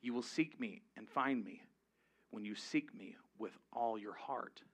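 A man's voice: on the low side, unhurried, slightly rough. A man preaching a sermon to his congregation, conversational and humorous, rising to emphatic peaks. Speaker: pastor. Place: church before a live congregation.

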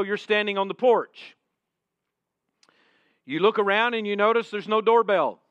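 A male preacher tells a sermon story in the second person and drops to a hush at key points. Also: sits high, no room sound. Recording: dull, dry sound.

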